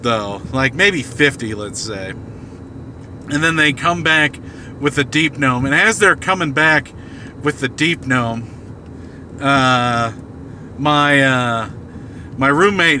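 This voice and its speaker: A man's voice: fairly high pitch, pushed and bright, a little hiss or hum. A man casually telling a long, rambling story full of fillers and restarts, recorded in a car. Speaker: podcast host. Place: car at night.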